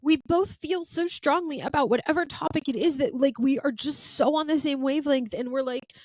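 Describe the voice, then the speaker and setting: A woman's voice: sits high, brisk, darkish tone, no room sound. A woman hosting an interview in casual chat, chiming in with agreement and laughing along with her guest. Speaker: podcast host.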